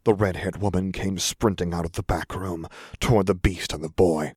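A man narrating an audiobook in a measured, intense way, dropping to a whisper for inner thoughts. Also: low voice, steady tone, darkish tone, breathy edge, no echo, clean studio sound.

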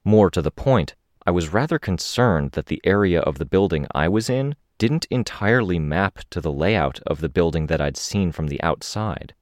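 A man narrating a first-person story in a steady, descriptive reading. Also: sits low, normal speed, no echo, clean studio sound. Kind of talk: audiobook narration.

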